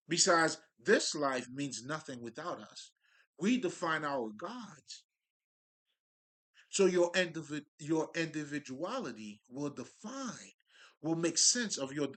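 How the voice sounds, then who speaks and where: A man's voice: a little high, big pitch swings, unhurried, fairly bright tone. A man giving a casual, profane spiritual monologue, talking loosely with frequent restarts and slang. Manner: loose, profane street talk, restarts and laughs. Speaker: spiritual speaker.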